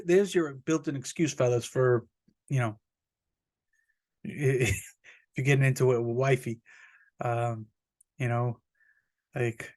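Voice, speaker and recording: A man hosting a podcast, talking in a rambling, profane, joking monologue that jumps up high when he plays indignant. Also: slow, long pauses, a little mellow. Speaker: podcast host. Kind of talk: casual comic podcast monologue.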